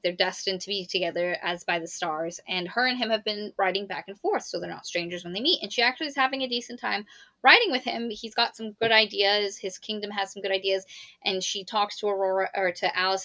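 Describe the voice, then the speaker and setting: A woman co-hosting a podcast, retelling a novel's plot in casual, animated chat, swearing and quoting characters. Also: medium pitch, no room sound, muffled recording. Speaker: podcast co-host. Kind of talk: casual book review chat.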